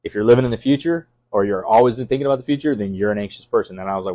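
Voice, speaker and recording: Intense fast-talking fire captain, low voice. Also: male voice, warm tone, no room sound. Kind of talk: casual podcast conversation.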